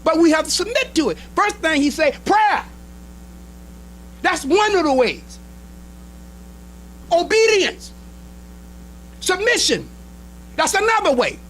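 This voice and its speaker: High-voiced bright man preaching emphatically. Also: big pitch swings, slow pace, long pauses, slight background noise, rough recording. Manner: emphatic preaching with short repeated phrases. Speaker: minister. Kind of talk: sermon. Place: temple hall.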